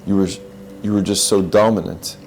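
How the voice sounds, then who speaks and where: A man's voice: low-pitched, steady tone, normal speed, darkish tone, faint music behind, rough recording. A man giving a reflective spiritual talk in an earnest, searching way, often repeating and restarting his phrases. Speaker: podcast host.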